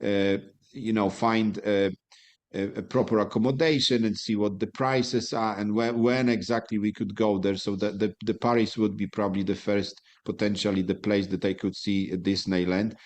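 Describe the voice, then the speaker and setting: A man with a Ukrainian accent answers on the spot, hesitating and restarting often. His voice is low-pitched and flat, staying in a narrow range. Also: moderate pace. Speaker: meeting participant. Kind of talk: impromptu answer.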